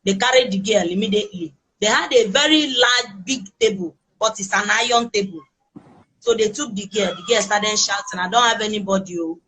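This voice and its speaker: A woman with a Nigerian accent giving personal testimony as an interviewee, talking in a halting, emotional way with many restarts. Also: medium pitch, fairly bright tone, slightly rough, poor audio. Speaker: interviewee recounting a kidnapping.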